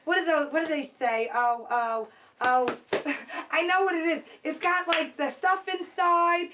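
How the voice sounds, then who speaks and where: A giddy, excitable young woman who gushes and rambles breathlessly, as a woman plays her in a comedy sketch. Her voice sits very high and squeaky. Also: measured pace, noisy background. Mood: rambling.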